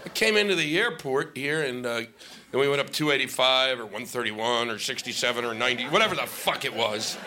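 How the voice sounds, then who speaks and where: A man doing a stand-up comedy set on stage, ranting and swearing with shouted bursts. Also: mid-range voice, a little fast. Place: comedy stage before a live audience. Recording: live stage mic with noisy audience.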